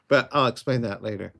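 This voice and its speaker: A man's voice: medium pitch, gravelly, a bit bright. A man hosting a casual livestream, answering viewer questions in a chatty, rambling way. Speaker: psychic livestream host.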